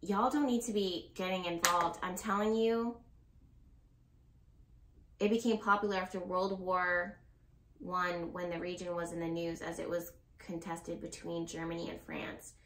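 A woman's voice: lowish voice, steady tone, measured pace, a bit bright. A woman giving a casual tarot reading to her viewers. She talks in a rambling, blunt way, swears now and then, and laughs nervously. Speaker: tarot reader. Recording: roomy echo.

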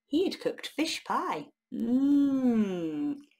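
A woman reads a children's picture book aloud in an expressive, unhurried way. Her voice is a little high and breathy, and it rises and falls a lot. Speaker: children's storyteller.

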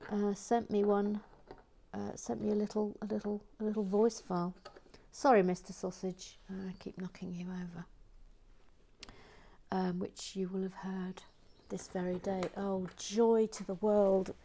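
A woman hosting a casual live stream as she builds, murmuring half-whispered asides to herself and brightening when she reads out to viewers. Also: medium pitch, slight background noise. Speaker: host.

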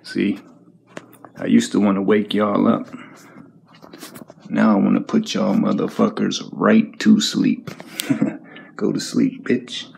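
A man's voice: on the low side, little pitch movement, slow pace, vocal fry, long pauses, a little mellow, a little hiss or hum. A man vlogging an angry, profane monologue, confrontational and repetitive as he rants at the viewers. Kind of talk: angry ranting monologue to camera.

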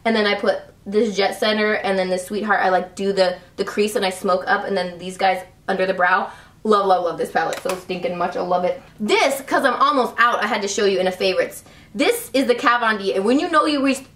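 A beauty vlogger chats casually about products in a gushing way, her speech full of "like" and "love." Her voice is medium-pitched and fairly bright. She's recorded from a distance in a roomy space, a little off-mic.

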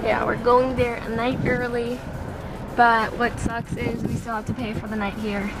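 A woman's voice: fairly high pitch, flat delivery, moderate pace, over loud music, low-quality recording. A young woman chatting casually on a road-trip vlog in a car, giggly and full of fillers. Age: young adult. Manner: giggly, chatty, lots of likes. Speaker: vlogger. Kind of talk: casual travel vlog chat.

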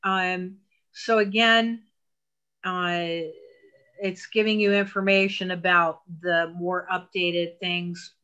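An online phone class is led by a woman whose voice is lowish yet bright and forward. She goes unhurriedly, walking through instructions patiently step by step and adding emphatic asides.

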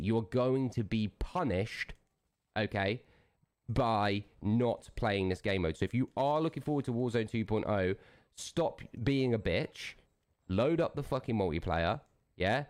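Male streamer, lower register, combative and foul-mouthed, hammering his point home. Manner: aggressive, profane, repeatedly jabbing "yeah?". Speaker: game streamer. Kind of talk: angry livestream rant.

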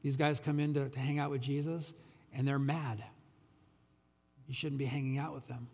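Gravelly pastor preaching in a reverberant church. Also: male voice, mid-range voice, moderate pace. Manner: animated, folksy asides. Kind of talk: sermon.

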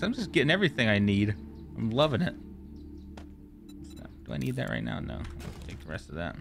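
A man giving casual gameplay commentary, excitable and profane, joking with the characters he meets. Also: lowish voice, brisk, creaky, long pauses, music in the background. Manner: excitable, profane, jokey, talks to game characters. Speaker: gamer streamer. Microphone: studio microphone.

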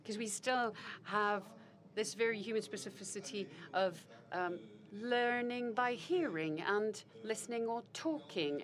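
A woman voicing a live interpretation in a formal, measured register. Her pitch sits at a middling level for a woman. She often pauses on fillers and restarts or corrects a word as she keeps pace with the speaker. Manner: halting, with fillers and self-corrections. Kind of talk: simultaneous interpretation of a panel conversation.

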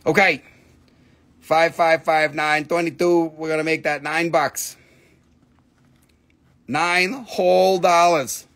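A man's voice: fairly high pitch, little pitch movement, takes it slowly, pauses often, a bit bright. A man hosting a live crystal sale, joking and swearing freely as he prices stones. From Appalachian region, US. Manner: joking, swears freely, slips into silly voices. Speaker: livestream crystal seller. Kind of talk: casual live sales chat.

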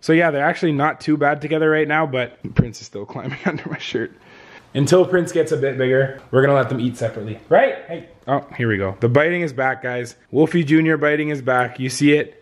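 A man's voice: mid-range voice, brisk. A young man chatting in a casual vlog, hyped and slangy, swearing now and then. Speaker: vlogger.

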